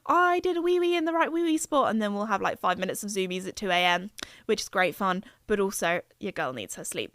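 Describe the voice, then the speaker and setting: A woman's voice: mid-range voice, fairly bright tone, dry recording, clean studio sound. Chatty young woman podcasting. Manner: chatty and upbeat, often laughing. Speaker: podcast host. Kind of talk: casual solo podcast chat.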